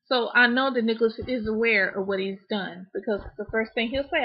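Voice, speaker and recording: A woman's voice: on the high side, a little fast, few pauses, slightly rough. A woman talking candidly to camera in a casual home vlog, chatty and open, with frequent restarts. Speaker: parent vlogger. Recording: dull lo-fi home recording.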